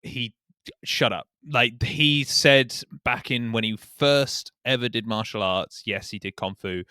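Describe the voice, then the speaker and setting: A man's voice: mid-range voice, a little slow, pushed and bright, clean tone, dry recording, studio quality. A man co-hosting a podcast, talking in a rambling, sweary casual chat. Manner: rambling, swears, restarts, laughs easily. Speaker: podcast co-host.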